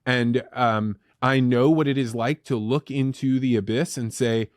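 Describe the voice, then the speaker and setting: A man's voice: mid-range voice, fairly even intonation, a little slow, few pauses, no room sound, clean studio sound. A man in his thirties hosting a podcast, speaking in an earnest, reflective way. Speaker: podcast host. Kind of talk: casual conversational interview.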